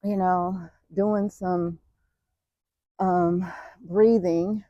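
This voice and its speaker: Slow, emotional woman talking while walking. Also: mid-range voice, warm tone, no room sound, lo-fi sound. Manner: emotional, reflective, many fillers. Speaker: vlogger. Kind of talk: casual walking talk.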